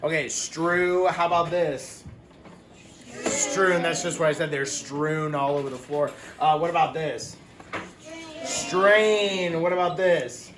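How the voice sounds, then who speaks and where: A man teaching a phonics lesson to young children, patient and slow, repeating each word. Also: a little high, roomy sound, background noise. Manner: patient, explains words slowly and repeats them.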